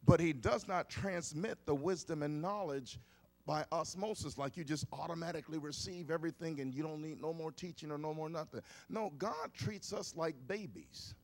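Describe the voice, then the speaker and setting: Coaxing preacher man, higher voice. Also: normal speed, gravelly, darkish tone. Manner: conversational preaching, coaxing the congregation. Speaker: pastor. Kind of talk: sermon.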